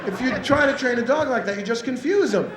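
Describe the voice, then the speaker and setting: High-voiced, animated stand-up comic man. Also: fast, a crowd in the background. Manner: animated, acts out pets and owners with sudden high squeals. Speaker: stand-up comedian. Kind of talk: stand-up routine before a live audience. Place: large theater stage. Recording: roomy live theater recording, audience noise.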